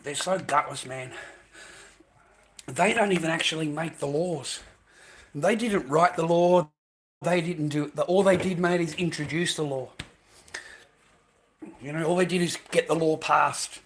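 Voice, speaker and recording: A man's voice: a little high, unhurried, long pauses, a little hiss or hum, rough recording. An Australian man ranting bluntly in casual talk to his viewers, repeating himself and calling them "mate". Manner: blunt, repetitive, ends phrases with "mate". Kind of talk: casual rant to camera.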